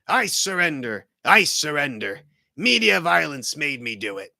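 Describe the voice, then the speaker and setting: A theatrical, gloating male supervillain, put on by a man reading a script aloud. The taunts come out a little lower and rougher than an everyday voice. The recording stays close and dry, with no room sound. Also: big pitch swings, a little slow, pushed and bright, no echo, exaggerated voice. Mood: mock surrender.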